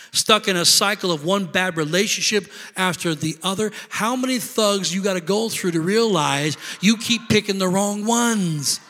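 Guy preaching in a church, high bright voice, swings from loud fired-up bits to quiet asides, long hall echo. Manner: dynamic preaching, builds to loud emphatic peaks, then drops to quieter asides. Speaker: pastor. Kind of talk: sermon. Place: church sanctuary.

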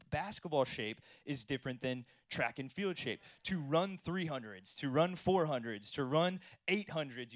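A man preaching a sermon, telling stories with animated energy and swinging between soft, quiet lines and loud bursts. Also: on the high side, no room sound, studio quality. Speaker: pastor.

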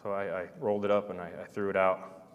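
A man telling a personal story in a rambling, halting way, full of restarts and trailing-off phrases. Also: low voice, level tone, big-room sound, highs cut off.

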